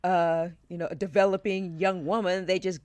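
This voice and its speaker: A woman's voice: lowish voice, steady tone, darkish tone, no echo. Laughing woman guest, dry sound. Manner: laughs often, quick wry asides. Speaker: podcast guest. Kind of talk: casual podcast chat.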